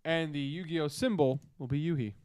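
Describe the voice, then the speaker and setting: A man's voice: a little high, moderate pace, a little mellow, a little hiss or hum. A man co-hosting a casual podcast chat, easygoing and agreeable. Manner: agreeable, reads chat aloud, flips coin. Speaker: podcast co-host.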